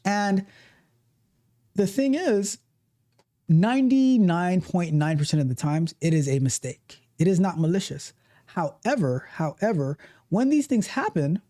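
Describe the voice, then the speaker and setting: Woman, motivational coach, emphatic and repetitive, lively swooping pitch, low mellow voice. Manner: emphatic, repetitive, acts out quoted reactions. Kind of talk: motivational talk.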